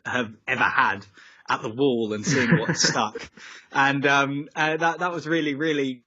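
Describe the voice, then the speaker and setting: A man's voice: medium pitch, fairly even intonation, a little slow, pushed and bright, slight background noise. A young man, a musician, chatting over a video call, rambling with lots of fillers and tangents. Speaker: musician guest. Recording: slightly dull, dry call audio.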